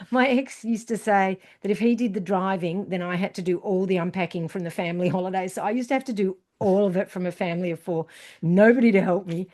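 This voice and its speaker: A woman chatting on a podcast, full of anecdotes and quick laughs. She tells stories with energy and does not mind a swear word. Her pitch sits in a middle range. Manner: lively storyteller, swears freely, laughs often. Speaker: podcast co-host. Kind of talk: casual chat.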